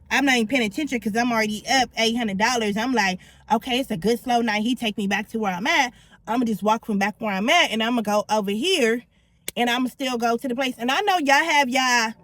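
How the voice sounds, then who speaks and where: Candid woman vlogger, slightly high. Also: fairly bright tone. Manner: candid, blunt, slangy. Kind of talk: confessional storytelling.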